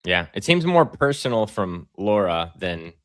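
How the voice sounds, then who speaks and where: A man's voice: on the low side, sing-song, a little slow, a bit bright, smooth, no room sound, studio quality. Man chiming in with brief agreement. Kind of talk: casual chat.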